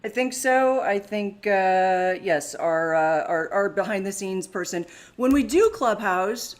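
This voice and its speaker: A woman's voice: mid-range voice, lively intonation, measured pace. A woman co-hosting a live podcast in casual chat, full of "like" fillers. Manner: chatty, frequent "like" and "um" fillers. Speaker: podcast co-host.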